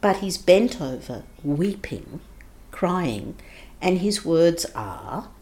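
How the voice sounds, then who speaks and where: A woman with a slightly lower voice tells a personal story from her childhood. Her delivery moves between hushed, quiet stretches and bursts of raised intensity. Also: big pitch swings, slow pace. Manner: vivid, emotional retelling with shifts between hushed and raised intensity. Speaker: guest recounting her childhood.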